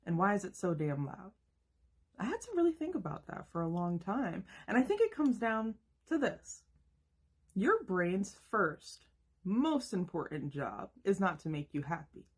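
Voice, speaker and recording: A woman in her thirties giving an emphatic, rhetorical self-help monologue with dramatic pauses. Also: medium pitch, big pitch swings, slightly rough. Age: 30s. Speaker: self-help video host. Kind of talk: scripted motivational monologue.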